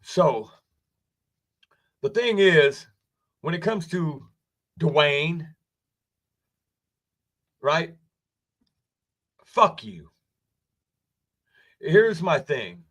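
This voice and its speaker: A man's voice: fairly high pitch, lively intonation, drawn-out words, long pauses, a bit bright. A man in his forties ranting angrily from his basement, swearing a lot and asking "right?" again and again. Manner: angry, swearing, repeating "right?". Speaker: wrestling streamer. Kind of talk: profane rant. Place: home basement.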